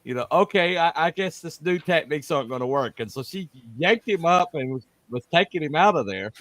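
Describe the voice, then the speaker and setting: A man's voice: fairly high pitch, lively intonation, a little fast, fairly bright tone, no room sound. A man chatting casually as a podcast co-host, telling rambling stories full of fillers and restarts. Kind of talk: casual chat.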